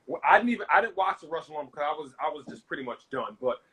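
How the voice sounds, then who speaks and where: A male podcast host talking in a loose, rambling way, circling his point with restarts and fillers. His voice is pitched a little high for a man. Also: expressive, fast, sharp tone, low-quality recording. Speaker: show host. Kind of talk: casual podcast talk.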